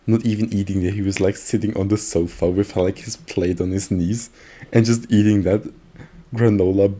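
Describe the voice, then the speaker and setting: A man's voice: lowish voice, fairly even intonation, normal speed, warm tone, slight background noise. A man co-hosting a podcast, telling a story in casual chat with frequent laughs and fillers. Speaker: podcast co-host.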